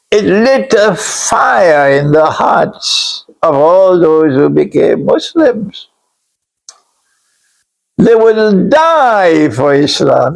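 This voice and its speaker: A man giving a religious lecture as an Islamic scholar, speaking emphatically, repeating key phrases and at times rising to a shout. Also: sits high, creaky, rough recording. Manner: blunt, admits harsh language.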